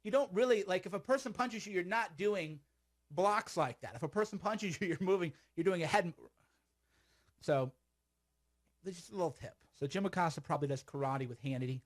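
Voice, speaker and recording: A man's voice: high voice, fairly quick. A man giving casual, sarcastic commentary on a video clip, rambling and laughing often.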